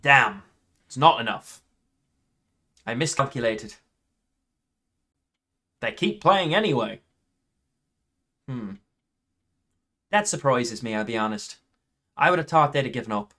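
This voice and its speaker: A man talking through his own card game as he plays, half to himself, working out moves and counting points. His voice is bright and forceful, sitting at an ordinary middle pitch. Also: animated, a little slow, pauses often. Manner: thinks aloud, counting points under his breath. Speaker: gaming YouTuber.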